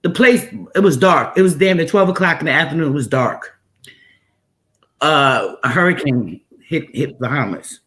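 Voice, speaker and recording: An animated woman tells a story in casual chat. Her voice is bright and forceful, and she leans hard on repeated phrases to drive each point home. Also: low-pitched, normal speed. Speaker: host.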